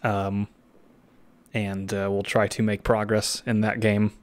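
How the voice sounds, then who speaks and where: A man's voice: lowish voice, slow pace, no echo. A man hosting a game stream, chatting casually and rambling with fillers as he wraps up the session. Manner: relaxed, rambling, with frequent fillers and laughs. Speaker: streamer host. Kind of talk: casual stream sign-off chat.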